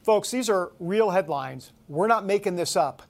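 A woman's voice: medium pitch, expressive, moderate pace, darkish tone. A woman hosting a talk radio show, reading headlines aloud with mocking sarcasm.

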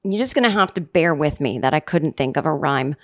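Fairly quick and expressive, this middle-aged woman's low-sitting voice carries a solo comedy podcast recorded on a studio mic. She's sarcastic and meandering, constantly putting herself down in little asides.

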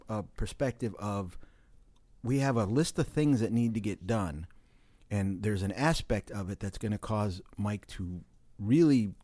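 A man's voice: lowish voice, darkish tone, no room sound. A man hosting a podcast in casual chat, explaining himself at length and telling stories. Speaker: podcast host. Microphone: studio microphone.

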